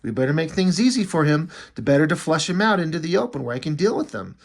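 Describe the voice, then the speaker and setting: A man's voice: on the high side, sing-song, quick pace, creaky, full character voice. A man voicing a cool, confident young superheroine in an unbothered, breezy way.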